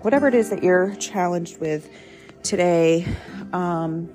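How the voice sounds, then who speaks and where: Low-voiced woman, rambling devotional chat. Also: a little slow, warm tone. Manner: rambling, self-correcting, conversational. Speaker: podcast host. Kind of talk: casual devotional talk.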